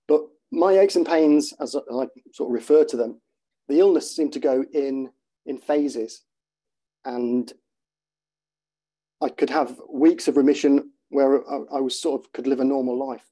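A man's voice: medium pitch, steady tone, normal speed, warm tone, breathy edge. A man in his fifties, a former soldier, giving a talk and reading a chapter of his book aloud with dry, self-deprecating humour. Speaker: conference speaker, former soldier.

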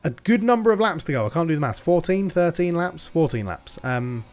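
A man commentating his racing management game, excitable, swearing and shouting at the cars on screen. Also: a little high, brisk. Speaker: gaming YouTuber.

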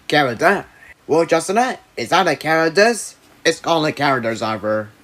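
A woman voicing a husky cartoon witch. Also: low voice, animated, normal speed, fairly bright tone. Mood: scheming. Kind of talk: cartoon voice acting.

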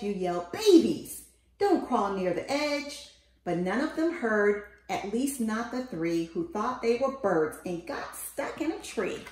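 A woman reads a children's picture book aloud in a sing-song storytelling voice. Her pitch swings widely as she calls out the quoted lines. The room around her sounds roomy and echoey. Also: darkish tone. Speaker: storybook reader.

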